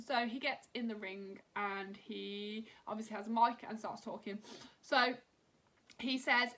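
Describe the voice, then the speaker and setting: A woman's voice: medium pitch, steady tone, a little slow, fairly bright tone. A woman in her thirties, recapping a wrestling show in a chatty, emotional way, filling gaps with "um" and "like". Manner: chatty, emotional, heavy use of "um" and "like". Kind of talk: casual recap chat.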